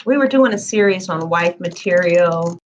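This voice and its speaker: A woman's voice: on the low side, animated, moderate pace, highs cut off, slight background noise. A woman giving a tarot reading in a casual, chatty live-stream manner with lots of fillers. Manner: chatty, conversational, frequent fillers. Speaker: tarot reader.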